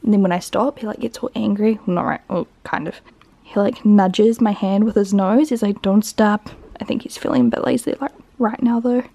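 Chatty young New woman, gravelly. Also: mid-range voice, lively intonation, brisk, dark tone. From New Zealand. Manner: chatty, lots of "like" fillers, talks to her dog. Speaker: vlogger. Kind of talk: casual daily vlog chat. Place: home, indoors.

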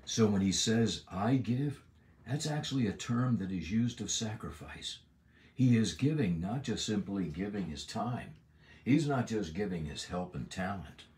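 A man giving a Bible lesson, stressing key words emphatically and drawing out scripture phrases slowly. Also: fairly low pitch, lively intonation, a little mellow. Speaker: Bible teacher.

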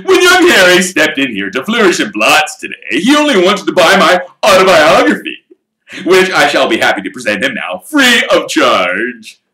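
A man voicing a vain, showy male celebrity wizard author in a pompous, booming, theatrical way. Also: huge pitch swings, moderate pace, sharp tone, reverberant, full character voice, low-quality recording. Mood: grandstanding.

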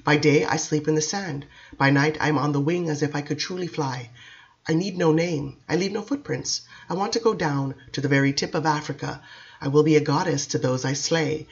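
A woman reading the lines of a grave, soft-spoken female vampire in a hushed, measured way. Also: deep voice, slightly rough, highs cut off.

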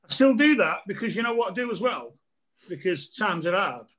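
A middle-aged man spins comic anecdotes in a casual podcast chat. His voice sits a touch high, and he breaks into laughter and mimics other people as he goes. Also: big pitch swings, brisk, a bit bright. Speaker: comedian guest.

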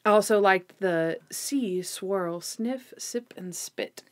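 A woman's voice: mid-range voice, slow. A woman co-hosting a podcast, recapping episodes and chatting casually. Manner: relaxed, quotes lines in a playful voice. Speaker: podcast co-host.

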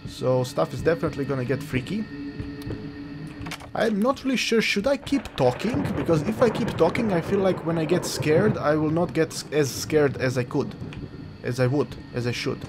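Fairly high-pitched and expressive, a man speaks at a moderate pace as he plays a horror game. A native Croatian speaker, he gives rambling, jokey commentary and talks to the game while its music plays behind.

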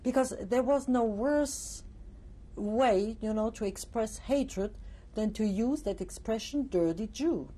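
Older woman, mellow voice. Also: fairly high pitch, takes it slowly, slightly rough. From Alsace, France. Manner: reflective, explanatory, frequent "you see" and "uh". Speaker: interviewee. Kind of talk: recorded testimony interview.

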